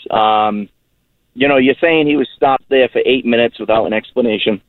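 A man's voice: mid-range voice, moderate pace, dry recording. A man calling into a radio show, insistent and repeating himself to hold his point. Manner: insistent, repeats "okay" and "listen". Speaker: caller. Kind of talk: radio call-in debate. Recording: tinny phone line.

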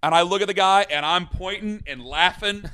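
A man casually telling a long story on a podcast, rambling and animated, with many restarts. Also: high voice, fairly quick, clear, resonant tone. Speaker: podcast host.

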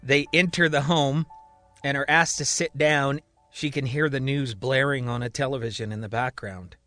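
A man narrating a fiction story and voicing its characters in an animated way. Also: moderate pace, no echo, faint music behind. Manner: animated, voices characters with raised pitch. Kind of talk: storytelling narration with voiced dialogue.

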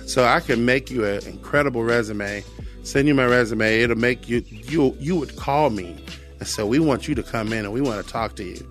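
A man's voice: mid-range voice, fairly bright tone. An earnest middle-aged American man sharing a personal testimony, reflective, often repeating phrases. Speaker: guest sharing his testimony.

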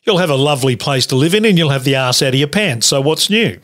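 A man hosts a radio chat show, ribbing his co-hosts and laughing along. His voice sits a bit high for a man. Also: lively intonation, fast, a bit bright. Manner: jokey, teasing, laughs often. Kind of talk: casual radio banter.

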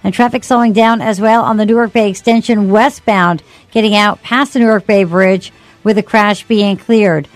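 A woman giving a brisk, clipped radio traffic report. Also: mid-range voice, steady tone, no echo. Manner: brisk, clipped, matter-of-fact.

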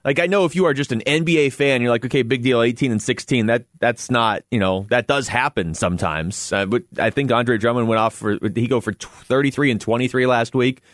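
A man's voice: mid-range voice, fairly bright tone, dry recording. A man hosting a sports radio show from a studio, talking casually and laughing often between points. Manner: chatty, laughs often, quick asides.

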